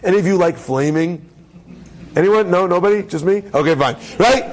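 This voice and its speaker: A man with a high voice tells a story to a live audience, animated and full of asides. He jokes with the listeners and acts out each character as he goes. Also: normal speed, low-quality recording. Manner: animated, joking, acts out characters, uses Hebrew terms.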